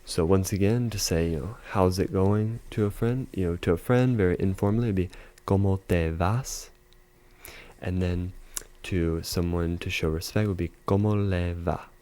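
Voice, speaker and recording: A man teaching a casual video lesson, explaining step by step with frequent fillers and slowly repeating example phrases. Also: sits low, warm tone. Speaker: language teacher.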